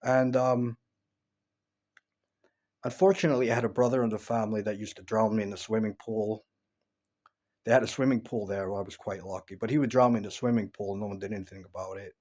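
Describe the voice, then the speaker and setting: A man's voice: on the low side, steady tone, fast, long pauses, a little mellow, dull audio. A man from upstate New York talking casually at home, rambling through his memories with many false starts. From upstate New York, USA. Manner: rambling, many restarts and fillers. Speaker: vlogger. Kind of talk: casual personal monologue. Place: at home, indoors.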